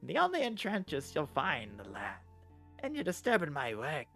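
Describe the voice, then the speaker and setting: A man voicing a gruff old woman enchanter in a video game, with a drawling, creaky voice. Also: fairly high pitch, wildly swooping pitch, normal speed, a bit bright, soft background music, pitched above the performer's own voice, exaggerated voice. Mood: irritated.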